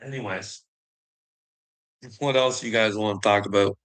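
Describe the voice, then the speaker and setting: A man's voice: fairly low pitch, fairly even intonation, measured pace, a bit bright. A Canadian man in a rambling casual monologue, swearing a lot and laughing often between sentences.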